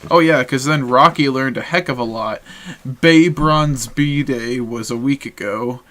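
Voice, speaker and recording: A man's voice: medium pitch, a little slow, bright, forceful tone. A young man from Massachusetts co-hosting a casual podcast, reading from his jokey notes and putting himself down with a laugh. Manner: reads jokey notes, self-deprecating, laughs often. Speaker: podcast co-host. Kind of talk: casual chat.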